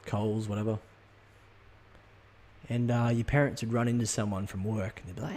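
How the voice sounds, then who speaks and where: A man's voice: on the low side, level tone, moderate pace, a little mellow, slight background noise. A man hosting his own show, ranting casually in a profane, rambling way with lots of ums and restarts. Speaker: podcast host. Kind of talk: casual comedic rant.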